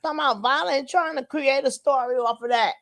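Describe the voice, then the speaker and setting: A woman's voice: sits high, fairly quick, a bit bright. A woman hosting a casual livestream, laughing and talking while she eats. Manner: laughing, mouth full while eating. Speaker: livestream host. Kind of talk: casual chat.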